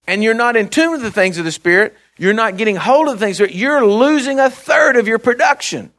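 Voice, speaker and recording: A man with a notably high voice preaches a conversational sermon, reading scripture between stories. He speaks earnestly in short bursts, restarting phrases and checking that the congregation is following him. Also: animated, brisk, a bit bright.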